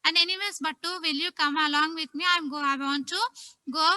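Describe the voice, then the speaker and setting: A woman tells a Sunday school story to children, stopping to ask them questions. Her voice is high and very bright and piercing. The sound is close and dry, with no room echo. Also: brisk. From India. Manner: animated, asks children questions.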